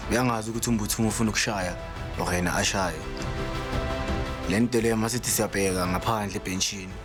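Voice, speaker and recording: A man giving calm football analysis, switching between languages. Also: fairly low pitch, fast talker, over loud music. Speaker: commentator and narrator. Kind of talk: match analysis mixing Zulu and English.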